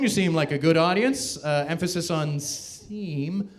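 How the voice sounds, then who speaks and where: A man's voice: fairly high pitch, a little fast, hardly any pauses. A Canadian man doing sarcastic stand-up and hosting a talent show on a theater stage, slipping into voices in his stories. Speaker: host and stand-up comedian. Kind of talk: stand-up comedy and emceeing. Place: theater stage with live audience.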